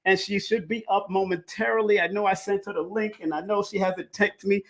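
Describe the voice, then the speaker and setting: A man's voice: high voice, steady tone, a little fast, vocal fry. A man from Jamaica hosting a live-stream show, with a sing-song hype MC delivery. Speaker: host. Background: faint reggae music.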